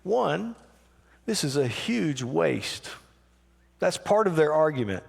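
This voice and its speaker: A slow, deliberate man preaching from the pulpit, his voice sitting a little on the high side. He moves between hushed, almost whispered lines and raised, emphatic ones. The sound carries a long church reverb. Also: very animated, creaky, husky. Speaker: pastor. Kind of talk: sermon. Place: church sanctuary.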